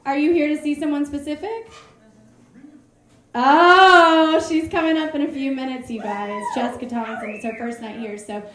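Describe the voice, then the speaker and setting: A woman's voice: sits high, moderate pace, a bit bright, a little hiss or hum. A woman hosting a comedy show from the stage, chatting with the crowd and bringing up comedians. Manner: chatty, upbeat crowd banter. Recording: echoey club room with crowd.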